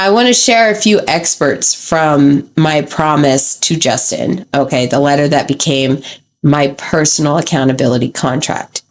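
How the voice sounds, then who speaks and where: A woman in her thirties hosting a solo podcast, telling a candid, raw confession with frank asides to the listener. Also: deep voice. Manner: candid and raw, with asides like "let me tell you" and "okay?". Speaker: podcast host.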